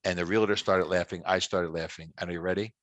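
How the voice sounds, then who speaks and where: Deep-voiced man telling a story. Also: quick pace, no echo. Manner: lively anecdotal storyteller, repeats phrases for effect. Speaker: winery owner and guest. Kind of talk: casual podcast storytelling.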